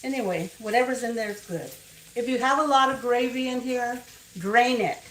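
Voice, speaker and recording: Chatting in a fairly bright tone with a fairly high pitch and normal speed, an older cooking show host walks through a dish at home and drifts into family stories. Her kitchen sounds echoey from the distant mic, with sizzling and frying noise behind her.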